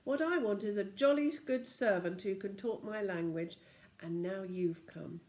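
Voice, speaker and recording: An older woman voicing a bossy, self-satisfied male snowman king in a soft, snowy voice while reading a storybook aloud. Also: mid-range voice, measured pace, lightly acted.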